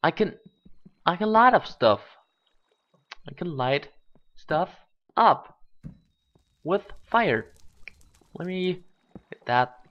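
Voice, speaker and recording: Slow-talking, lively gaming commentator. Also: medium pitch, muffled recording. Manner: thinks aloud, bursts into excited exclamations. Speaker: gaming channel host. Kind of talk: let's play commentary.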